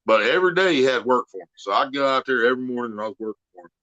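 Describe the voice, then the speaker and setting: A man's voice: medium pitch, lively intonation, very fast, pushed and bright, no echo. A man from the United States hosting a casual, profane chat, telling crude stories and laughing through them. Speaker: podcast host. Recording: dull lo-fi dry recording.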